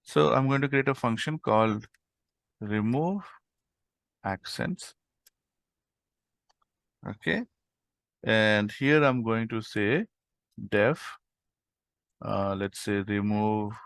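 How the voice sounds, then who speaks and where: A man walks through a programming tutorial at an unhurried pace, talking his way through each step as he types. His voice is gravelly, recorded close and dry with no room around it, and he fills the gaps with okay and um. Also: lowish voice, a bit bright, no echo. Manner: thinks aloud while typing, many fillers like okay and um. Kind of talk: screen-recorded coding lesson.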